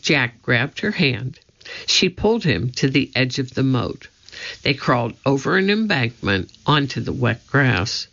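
A woman reading a children's storybook aloud in a measured, deliberate way, in a slightly dull lo-fi recording. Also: very deep voice, big pitch swings, gravelly, a bit bright. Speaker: audiobook reader.

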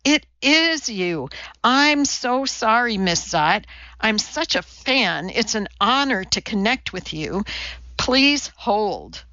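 A woman's voice: medium pitch, expressive, very slow, few pauses, pushed and bright, no room sound, highs cut off, heavily acted. A woman voicing an eager young female secretary who is a starstruck fan, in a storybook reading. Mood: gushing. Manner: flustered then gushing.

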